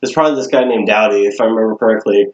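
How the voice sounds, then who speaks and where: A man's voice: lowish voice, very fast, darkish tone, echoey room, lo-fi sound. A young man casually telling a story on a podcast, swearing and laughing often. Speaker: podcast co-host.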